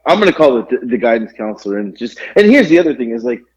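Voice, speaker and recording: A husky-voiced middle-aged man chatting on a podcast. He rambles and restarts his sentences, piling up fillers. The recording sounds dull and lo-fi. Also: medium pitch, sing-song, fast talker, darkish tone. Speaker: podcast co-host. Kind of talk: casual chat. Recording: muffled lo-fi recording.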